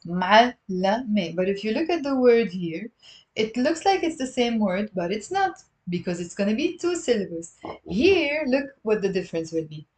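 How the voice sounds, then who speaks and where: Lebanese woman doing a live arabic class, patient, says words slow and greets people. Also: mid-range voice. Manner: patient, repeats words slowly, chats with viewers. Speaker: Arabic teacher. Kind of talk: live online language lesson.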